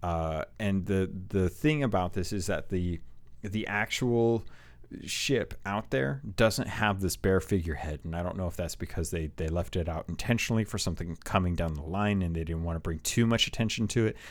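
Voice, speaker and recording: Man, lore commentary, excitable, rambling, lots of restarts, slightly low voice. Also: moderate pace. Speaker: game lore video host.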